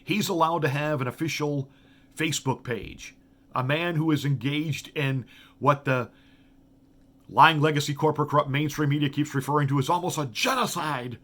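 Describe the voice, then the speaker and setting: Pastor firing off rhetorical questions. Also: male voice, a little high, moderate pace, fairly bright tone. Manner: rhetorical questions, emphatic with frequent restarts. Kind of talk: political commentary monologue.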